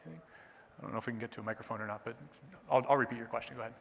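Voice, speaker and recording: A man's voice: mid-range voice, steady tone, racing, vocal fry. A man giving a conference talk and taking audience questions, in a conversational manner that often tags points with "right?". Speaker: conference presenter, clerkship educator. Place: lecture hall. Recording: long reverb of a lecture hall.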